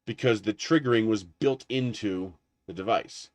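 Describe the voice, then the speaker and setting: A man hosting a casual livestream, rambling and animated, laughing at his own jokes. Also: fairly low pitch, normal speed, no echo. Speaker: livestream host.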